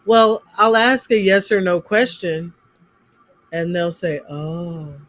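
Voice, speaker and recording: A language teacher in a relaxed chat, describing classroom struggles with frequent pauses and laughter. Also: mid-range voice. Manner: unhurried, trails off with fillers, laughs at own stories. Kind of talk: casual conversation about teaching.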